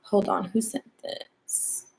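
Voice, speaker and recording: A woman's voice: slow pace, a little mellow, slight background noise. A young woman doing a casual, playful tarot reading on a livestream, chatting straight to her viewers. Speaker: tarot reader.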